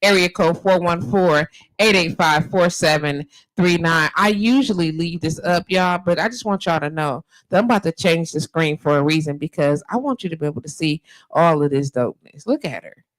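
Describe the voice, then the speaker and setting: A woman's voice: sits low, moderate pace, dry recording, rough recording. A woman in her fifties hosting a live radio show from home, chatting casually and emphatically with lots of slang. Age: 50s. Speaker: show host. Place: home studio. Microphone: handheld mic at home.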